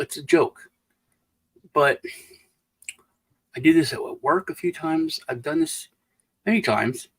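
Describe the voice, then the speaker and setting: A man's voice: mid-range voice, normal speed, vocal fry, long pauses, husky, rough recording. Man, middle-aged, casual chat, rambling, restarts often, storyteller. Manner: rambling, restarts and trails off, tells anecdotes. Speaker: co-host.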